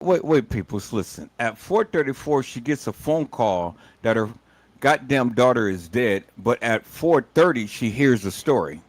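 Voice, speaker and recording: A man's voice: medium pitch, lively intonation, unhurried, no room sound, low-quality recording. A man hosting a commentary livestream, ranting angrily with constant profanity and repetition.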